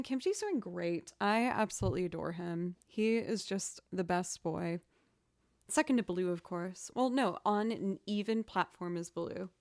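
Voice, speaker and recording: A woman's voice: mid-range voice, gravelly, no echo. Chatty woman streamer, dry close sound. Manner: chatty, expressive storyteller who acts out quoted reactions. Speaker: livestream host answering viewer questions. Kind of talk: casual chat.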